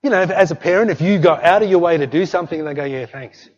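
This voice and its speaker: A middle-aged male pastor preaches with an emphatic, repetitive delivery, calling out to his congregation. His voice sits a little higher than most men's. It rings with long reverb through a church hall, captured on a dull, lo-fi recording. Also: very fast, a little mellow. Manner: emphatic preaching with repeated "hey" and "don't fret". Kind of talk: sermon.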